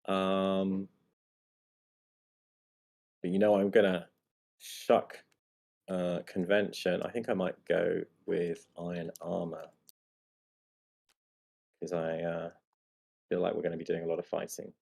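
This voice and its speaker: Low gravelly guy walking people thru a board game, thinking out loud. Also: slow pace, pauses often. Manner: thinks aloud, steady rules explanations. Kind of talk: explaining a tabletop game while playing.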